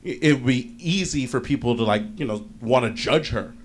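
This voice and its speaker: A man's voice: mid-range voice, brisk. A man co-hosting a casual group chat, telling a rambling story full of fillers, restarts and mild swearing. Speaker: podcast co-host.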